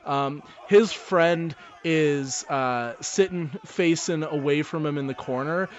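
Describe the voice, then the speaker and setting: A man's voice: on the high side, takes it slowly, highs cut off, a little hiss or hum. A man narrating as game master in a tabletop role-playing game, loose and laughing often.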